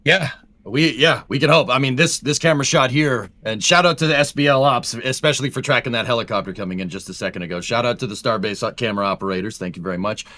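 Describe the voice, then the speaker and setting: A man's voice: mid-range voice, fast, pushed and bright, dry recording. An American man co-hosting a live stream in a playful, teasing manner. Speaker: co-host. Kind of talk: casual live commentary.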